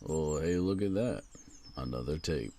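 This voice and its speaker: An actor voicing a gruff, weary male forest ranger in a video game, muttering in a matter-of-fact way with a gravelly voice. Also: a bass voice, expressive, normal speed, warm tone, no room sound. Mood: mildly surprised.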